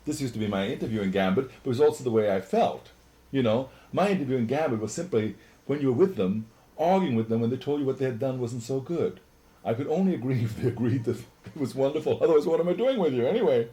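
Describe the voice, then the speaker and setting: A man's voice: mid-range voice, lively intonation, fast, warm tone. A middle-aged man reminiscing in a casual interview, an exuberant, rambling storyteller.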